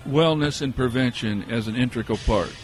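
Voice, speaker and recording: A man from the United States, a professor being interviewed on a podcast, who answers hesitantly with many "uh" pauses. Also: mid-range voice, soft background music. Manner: hesitant, many uh fillers and restarts. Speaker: guest, professor.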